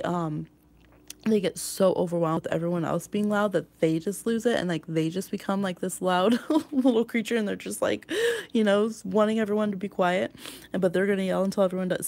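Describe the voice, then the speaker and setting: A woman with a fairly low voice that has a gravelly, creaky edge and a dark, mellow tone. She gives a pick-a-card tarot reading. She rambles intuitively and pads her thoughts with fillers. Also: fairly even intonation, brisk.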